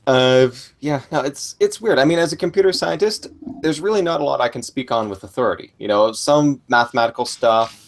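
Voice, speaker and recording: Casting note: man, computer scientist guest, casual and hedging, video call, middle pitch. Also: a little fast. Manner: casual, hedging, many fillers.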